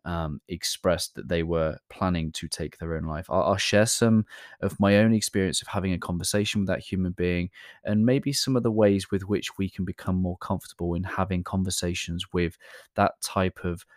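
Host, very deep male voice, gentle and hesitant, close and dry. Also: steady tone, moderate pace, no room sound. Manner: gentle, compassionate, with hesitant fillers. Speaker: channel host introducing a clip. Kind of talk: calm reflective talk to camera.

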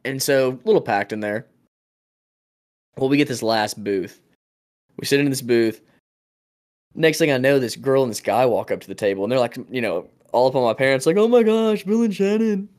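A man's voice: medium pitch, moderate pace, pauses often. A young man co-hosting a casual podcast, telling a story in a laid-back way with lots of fillers and laughs. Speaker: podcast co-host. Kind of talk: casual chat.

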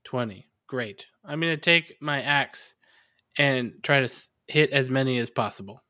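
A man's voice: mid-range voice, unhurried, sharp tone, no echo, clean studio sound. A man playing a tabletop game, brash and teasing, swearing freely. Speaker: player.

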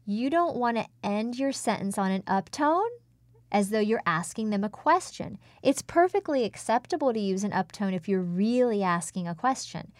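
A woman's voice: medium pitch, darkish tone, no room sound. Instructive woman speaking coach. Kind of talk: conversational podcast advice.

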